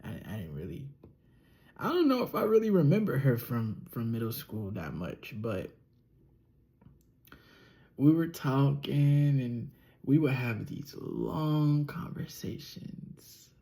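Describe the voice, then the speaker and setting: A young man telling a personal story as a relaxed podcast monologue, slightly nasal and often chuckling or trailing off. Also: medium pitch, takes it slowly, gravelly. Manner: laid-back, chuckling, trails off with ums. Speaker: podcast host.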